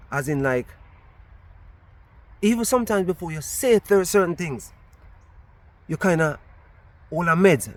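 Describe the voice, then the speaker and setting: A Jamaican man recounting a story outdoors in a casual vlog, his voice sitting a little higher than most men's. He tells it animatedly and keeps doubling back on his words. He is recorded on a camera set on a tripod. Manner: animated retelling with repeated restarts. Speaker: vlogger.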